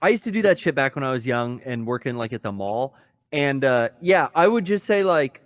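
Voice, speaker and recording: A man's voice: medium pitch, expressive, a little fast, clean tone, dry recording, studio quality. A man in a casual podcast chat, laid-back and wry. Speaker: podcast co-host.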